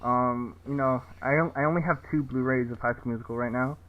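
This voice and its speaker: A man guesting on a podcast, talking in a hesitant, deadpan way with lots of fillers about his video essays. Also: fairly quick. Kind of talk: casual podcast chat. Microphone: cheap low-quality mic. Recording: tinny phone-like low-quality mic.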